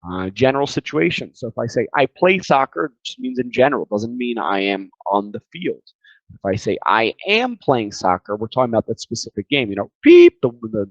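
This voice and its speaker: A man's voice: mid-range voice, no room sound. Tired chatty male English teacher. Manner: chatty, repeats words while thinking. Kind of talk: casual grammar lesson. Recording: slightly dull lo-fi sound.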